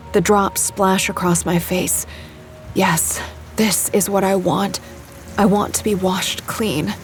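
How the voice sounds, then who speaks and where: A young woman narrating her own story in first person in an audio drama, quiet and haunted, in an inner monologue. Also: fairly low pitch. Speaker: narrator and lead character.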